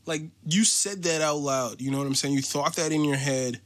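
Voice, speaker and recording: A man's voice: on the high side, normal speed, few pauses. An American man hosting a podcast, ranting in a casual, profane, mocking way. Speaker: podcast host.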